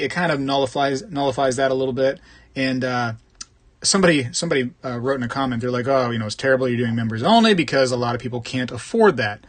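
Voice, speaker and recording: Guy doing a live stream, reading comments out loud, jokey and rambly, normal middle voice. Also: medium pitch. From Florida. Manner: chatty and joking, greets viewers by name, rambles. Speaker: host of a live coin collecting stream.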